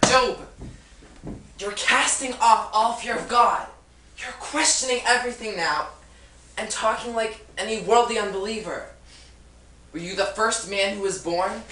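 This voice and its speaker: A woman's voice: mid-range voice, a little slow, long pauses, pushed and bright. A woman playing Job's friend, a lecturing, reproachful older woman in a stage play, recorded in an echoey room from far off.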